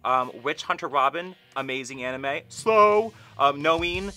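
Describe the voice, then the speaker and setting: A man on an anime review panel, talking in an animated, rambling way with many ums. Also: medium pitch, moderate pace. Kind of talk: casual panel chat. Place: studio.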